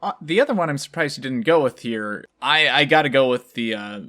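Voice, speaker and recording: American dude hosting a podcast, mid-pitched voice, rambles with a lot of "like"s. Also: male voice, lively intonation, a little fast, sharp tone. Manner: rambling, full of "like" fillers. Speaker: podcast host. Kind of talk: casual podcast chat.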